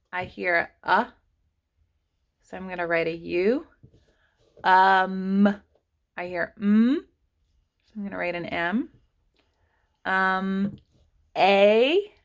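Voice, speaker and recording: A woman teaches kindergarteners online, writing sentences while sounding out every letter. She speaks slowly and patiently, drawing out each sound for small children. Her pitch sits in an ordinary middle range. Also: creaky.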